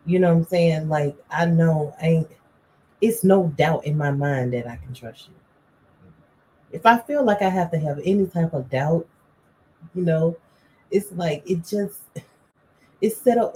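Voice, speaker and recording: A woman talking casually with her husband about marriage, relaxed and filling her speech with "you know". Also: sits low, moderate pace, slight background noise, low-quality recording. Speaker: co-host, wife.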